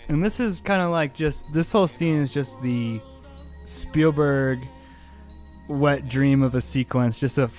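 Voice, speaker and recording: Guy on a movie podcast, rambly and excited, says like a lot, faint music in the back. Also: mid-range voice, unhurried. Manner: rambling, enthusiastic, lots of "like". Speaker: podcast co-host. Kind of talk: casual movie review chat.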